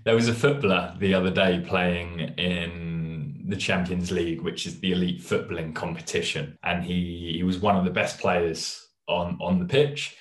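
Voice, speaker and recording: A man's voice: deep voice, steady tone, moderate pace, few pauses, echoey room. A young man in his twenties, co-hosting a podcast with laid-back, wry remarks. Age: 20s. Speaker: podcast co-host. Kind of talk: casual podcast chat.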